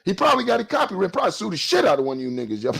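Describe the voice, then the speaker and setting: A man's voice: sits high, vocal fry, a bit bright, slightly rough. A man in his forties ranting in a response video, heated and profane, with a street-preacher cadence. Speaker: YouTube commentator.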